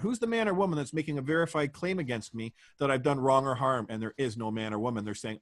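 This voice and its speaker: A man's voice: medium pitch, fast talker, few pauses. A man, a guest in a conversational interview, telling stories emphatically and asking rhetorical questions.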